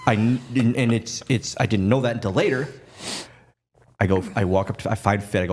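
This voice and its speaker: Animated storytelling man in casual chat. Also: on the low side, brisk, slight background noise. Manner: animated, lively retelling with many restarts and laughs. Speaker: podcast guest, former wrestler.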